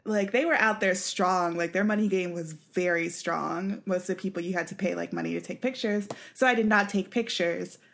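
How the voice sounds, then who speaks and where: A woman's voice: on the low side, normal speed, creaky, hardly any pauses, fairly bright tone. Young woman podcast cohost, rambly storytelling, lots of um and like, laughs a lot. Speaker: podcast co-host. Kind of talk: casual chat.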